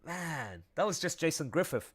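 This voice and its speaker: A man's voice: fairly high pitch, big pitch swings, normal speed, husky. A man who draws comics, chatting casually on a livestream in a playful way, laughing often and breaking into song. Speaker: comic artist streaming his work.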